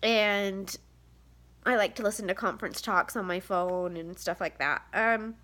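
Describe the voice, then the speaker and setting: A tired mother of seven in her thirties talks to the camera in a rambling, tearful confessional vlog, full of fillers and sighs and close to tears. Her voice is mid-range with a sharp tone, at a measured pace.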